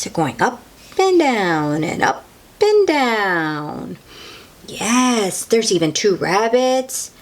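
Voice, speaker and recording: Gentle, breathy woman reading a picture book. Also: on the high side. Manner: gentle, animated, exclaiming to young listeners. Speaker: children's book reader. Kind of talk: read-aloud storytime.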